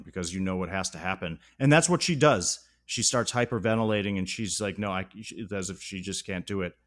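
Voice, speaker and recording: A man with a fairly low voice walks through a film's plot in a podcast chat. He is animated, and his voice sinks low and hushed when the story turns tragic. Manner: enthusiastic, dramatic plot recap that drops low and solemn at sad moments. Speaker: podcast host.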